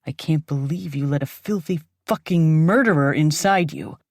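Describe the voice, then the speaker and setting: A woman's voice: low voice, normal speed, no room sound, clean studio sound. A woman voicing an obsessive, unhinged young ex-boyfriend who is strained and menacing. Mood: accusing. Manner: pleading turning to menacing, strained.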